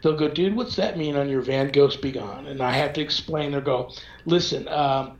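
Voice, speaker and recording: A man's voice: medium pitch, normal speed. A man telling a long story in casual conversation, acting out the voices of the people in it as he goes. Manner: animated storyteller, acts out quoted dialogue. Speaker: paranormal investigator guest. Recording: echoey lo-fi remote audio.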